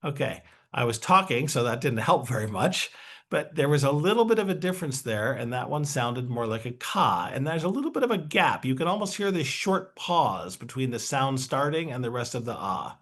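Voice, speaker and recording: Lively man explaining a brain exercise. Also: mid-range voice, moderate pace. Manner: lively, chatty, upbeat. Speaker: webinar presenter.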